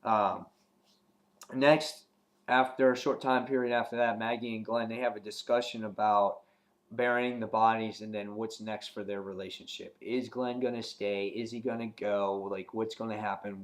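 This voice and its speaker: A man giving a casual spoken review of a TV episode, rambling with many ums and restarts, and getting animated when he retells scenes. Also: on the low side, moderate pace. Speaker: TV show reviewer.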